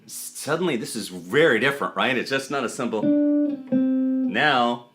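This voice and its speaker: A man's voice: mid-range voice, sing-song, takes it slowly. A man giving a casual guitar lesson, counting beats aloud as he explains rhythm and accents. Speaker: guitar teacher. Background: guitar playing.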